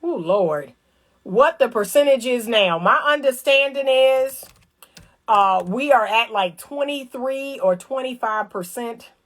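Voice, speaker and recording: A woman giving casual, animated commentary on relationships. She talks straight to her viewers in colloquial speech, repeats phrases for emphasis and acts out little scenes. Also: on the high side, slow pace. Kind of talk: casual direct-to-camera commentary.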